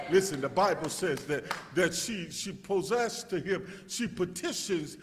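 A male pastor preaching a sermon, restarting words in stammering repeats and rising to shouts as he calls out to his congregation. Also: high-pitched, lively intonation, a little slow, hardly any pauses. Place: church sanctuary. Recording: long reverb of a church hall.

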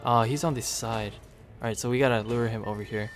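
A man keeps up easy running commentary as he plays, his voice sitting at an ordinary middle pitch. He chats to the screen and cheers the little figures on, now and then breaking into a sudden excited shout. Soft game music plays faintly underneath. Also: a little fast. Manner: chatty, talks to the game units, sudden excited outbursts. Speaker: gaming video creator. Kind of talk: casual gameplay commentary.

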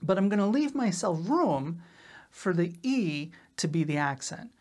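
A woman drum teacher explaining rudiments in a relaxed, casual way, often checking in with "right?". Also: fairly low pitch, measured pace. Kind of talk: casual instructional talk.

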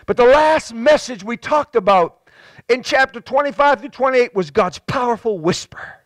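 A male pastor with a New England accent preaching a fervent sermon, stacking repeated words and swelling into shouts. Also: animated, normal speed, no echo. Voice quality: high-pitched and impassioned, repeating words as he builds.

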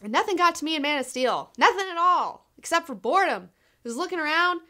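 A woman's voice: very high voice, animated, fast, pushed and bright. A young woman casually reviewing comics, enthusiastic, swearing freely and saying "like" a lot.

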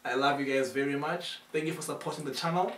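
A man's voice: a little high, steady tone, fast, fairly bright tone, a little hiss or hum. A young man, a student, hosting a reaction video in a casual and enthusiastic way. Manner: enthusiastic, chatty. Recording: echoey room, far from mic.

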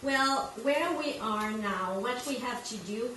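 A woman's voice: fairly high pitch, fairly bright tone. French Canadian woman presenting from afar. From Quebec, Canada. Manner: halting, searching for English words. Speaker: guest presenter. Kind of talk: informal presentation. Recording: echoey room from far off, background noise.

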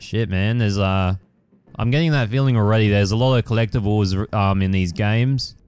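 Casting note: young male gaming host, loose rambling commentary, lowish voice, very clean tone. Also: a little mellow, clear, resonant tone. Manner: rambling with many fillers and casual swearing. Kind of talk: casual let's-play commentary.

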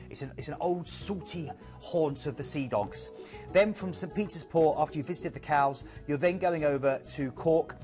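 A man hosts a live TV cruise sales show. He rattles through the ports quickly and with enthusiasm. Music plays clearly behind him. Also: medium pitch, darkish tone. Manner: enthusiastic, rambling travel descriptions.

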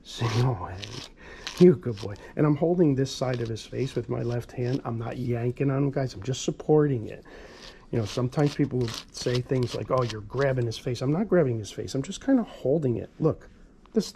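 A man's voice: mid-range voice, brisk, vocal fry, low-quality recording. A man working as a dog groomer, chatting casually to viewers through a grooming tutorial, recorded on a camera mic in a grooming salon. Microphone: GoPro camera mic. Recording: loud electric clipper hum behind. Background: electric clippers buzzing.

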